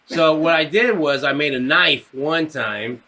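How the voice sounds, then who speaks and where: A man's voice: a little high, measured pace, a little hiss or hum. A man in his thirties, a podcast co-host telling a story in casual talk, acting out the voices of the people in it and laughing as he goes. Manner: animated, acts out quoted voices, laughs through his story.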